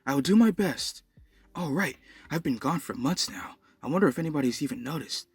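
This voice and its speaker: A man's voice: a little high, animated, fairly quick, husky, voice pushed up. A man voicing a nervous, earnest teenage boy hero who stammers eagerly.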